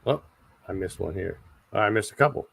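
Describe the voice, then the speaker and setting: A man in his forties hosting a casual livestream chat, rambling and halting with lots of fillers and repeated words. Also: low-pitched, lively intonation, gravelly, slightly rough, no room sound. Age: 40s. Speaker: channel host.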